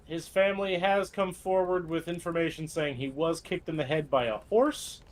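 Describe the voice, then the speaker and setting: A man in a casual comedic chat, reading out a news item flatly. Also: a little high, normal speed. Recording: crowd noise behind.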